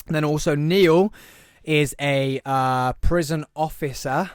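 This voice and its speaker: A man's voice: fairly high pitch, slow pace, clear, resonant tone, no room sound. A young British man hosting a casual podcast, chatty and giggly, a little tipsy, joking with his friends in a small studio. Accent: British English. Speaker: podcast host. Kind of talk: casual chat. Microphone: headphones and studio mic.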